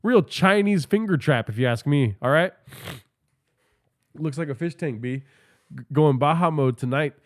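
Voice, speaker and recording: A man's voice: mid-range voice, moderate pace, pauses often. A man hosting a podcast, telling a rambling, profane comic story and often asking the listener. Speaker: podcast host. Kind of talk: comedic storytelling monologue.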